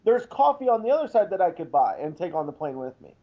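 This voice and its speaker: A man with a high voice rants indignantly as a radio co-host, piling up complaints in loose, casual banter. The audio is dull and lo-fi. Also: big pitch swings, fast. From Irish heritage.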